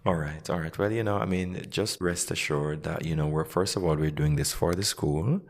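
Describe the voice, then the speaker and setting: A man's voice: very deep voice, moderate pace. A man hosting a casual podcast interview as an English coach, explaining language points with spoken example sentences.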